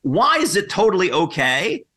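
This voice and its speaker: A man guest on a podcast interview, explaining sales methods energetically and acting out quoted questions in lively voices. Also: high voice, moderate pace.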